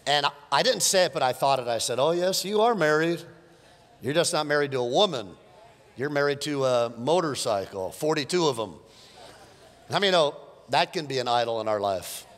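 A man's voice: fairly high pitch, expressive, normal speed, big-room sound. A man preaching a sermon as pastor, moving from a casual story to fervent exhortation. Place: large church hall.

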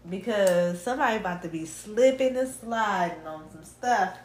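A woman doing a casual tarot reading, animated and full of slang, laughing and humming between cards. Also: medium pitch, moderate pace, hardly any pauses, echoey room, slight background noise. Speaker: tarot reader.

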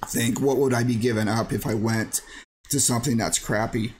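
A man's voice: mid-range voice, fairly even intonation, normal speed, slight background noise. A man hosting his channel, giving blunt, rambling casual commentary on a clip. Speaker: channel host reacting to a clip.

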